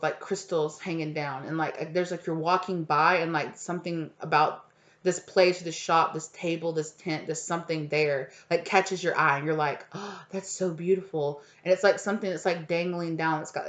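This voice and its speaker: A woman's voice: low-pitched, steady tone, moderate pace, a bit bright. Chatty woman giving a rambling tarot reading. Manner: rambling, filler-heavy, chatty. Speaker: tarot reader. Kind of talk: casual tarot reading to camera. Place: home with a cat.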